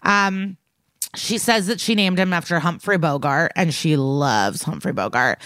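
Woman podcaster w/ a lowish voice, chatty and rambling, recapping a tv episode, dry close sound. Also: unhurried, fairly bright tone, no echo. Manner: chatty, rambling, playful asides. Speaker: podcast co-host. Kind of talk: casual chat recapping a TV episode.

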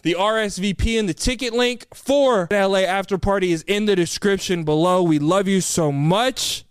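A man's voice: high-pitched, normal speed, clear, resonant tone, no room sound. A young man co-hosting a podcast, chatting casually and teasing his co-host in the studio. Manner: playful, teasing.

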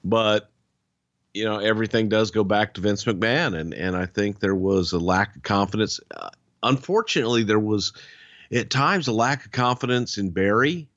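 A man with a lowish voice, a former wrestling executive, answers in a blunt and measured way, with the odd curse. The recording sounds dull and lo-fi, and it is close and dry. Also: fairly bright tone, no room sound. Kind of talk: casual podcast chat.

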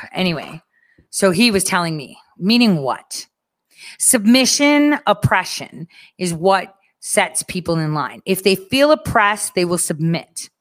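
A woman's voice: fairly low pitch, fairly bright tone. A woman telling a story in a casual, sarcastic rant, swearing freely and acting out what others said.

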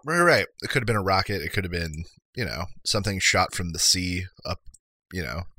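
A man with a lowish but bright, forceful voice co-hosts a casual podcast. He probes with skeptical questions and dry asides, recorded close in a dead, dry space. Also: lively intonation, fairly quick, dry recording. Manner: skeptical, sardonic, asks probing questions. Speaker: podcast co-host. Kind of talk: casual chat.

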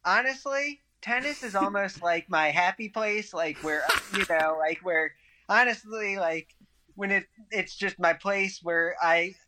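Guy guest on a podcast, bright voice, kinda rambly and laid back. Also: high voice, measured pace. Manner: rambling, many fillers and restarts, relaxed. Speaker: podcast guest, tennis writer. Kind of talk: casual podcast chat.

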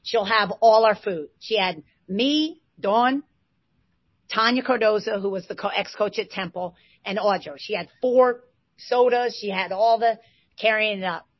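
Woman, 40s, animated storyteller; dry, slightly muffled recording. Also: mid-range voice, unhurried, no echo. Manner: lively, excitable retelling with bursts of loudness. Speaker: interview guest, former basketball player. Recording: dull, slightly lo-fi sound.

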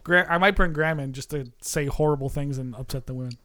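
A man's voice: fairly high pitch, fast, bright, forceful tone, no echo, clean studio sound. A man hosting a podcast in casual chat, rambling, laughing often and swearing freely. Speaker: podcast host.

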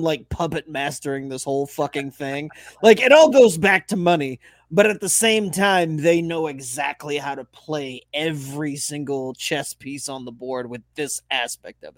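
A man's voice: on the high side, no echo. A man co-hosting a casual sports talk show, rambling with lots of fillers and swearing.

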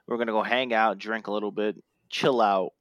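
A man co-hosting a casual podcast, talking in an animated, ranting way with playful self-hype. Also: on the low side, a little fast, no room sound, clean studio sound. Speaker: podcast co-host. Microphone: remote podcast mic.

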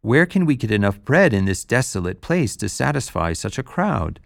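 A man's voice: medium pitch, big pitch swings, moderate pace, vocal fry, dry recording, studio quality. A man reading scripture aloud, voicing a group of puzzled male followers asking questions. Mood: questioning.

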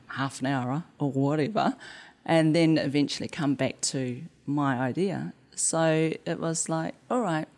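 A woman's voice: low-pitched, a little mellow. A woman from New Zealand with a New Zealand accent, a game developer telling stories in an interview, acting out quotes and laughing easily. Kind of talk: conversational interview.

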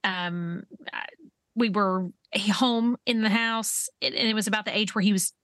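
A woman in her forties co-hosting a podcast, telling stories in a lively way and laughing as she talks. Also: mid-range voice, unhurried, no echo, clean studio sound. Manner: animated storyteller, laughs through her telling. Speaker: podcast co-host. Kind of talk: casual chat.

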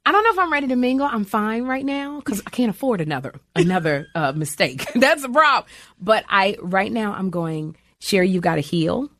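Her voice leans high and a little fast as this middle-aged actress and comic chats in a lively interview. She's an animated storyteller who performs the voices of the people she quotes.

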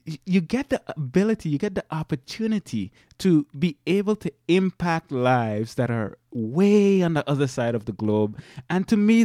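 A man's voice: fairly high pitch, a little mellow, no echo. Chatty male podcast host, dry sound. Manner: chatty, laughs often, repeats words. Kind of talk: casual solo podcast talk. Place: small home office studio.

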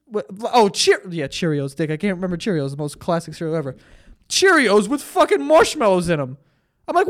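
A young man hosting a podcast alone, ranting profanely and with exasperation, mocking himself between outbursts. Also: sits high. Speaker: podcast host. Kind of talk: solo comedic rant.

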